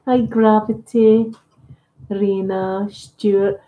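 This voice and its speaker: Scottish woman, ASMR creator doing casual live-stream chat while ironing, warm relaxed tone, echoey room. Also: mid-range voice, extremely slow. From Scotland. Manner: chatty, rambling, self-deprecating. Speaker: ASMR YouTuber. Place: at home, ironing.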